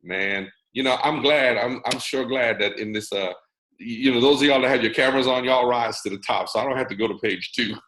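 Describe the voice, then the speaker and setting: A man's voice: medium pitch, a little fast, slight background noise. American guy doing a motivational video call, playful preacher vibe, kinda roomy sound. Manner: lively and preacher-like, teasing the audience directly. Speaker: network marketing mentor and host.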